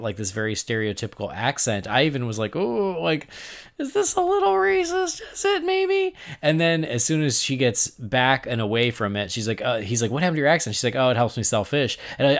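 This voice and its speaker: A male podcast host chatting casually about an episode, animated and prone to laughing. He acts out his own reactions as he goes, his voice climbing and dropping across a wide range. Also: medium pitch. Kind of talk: casual chat.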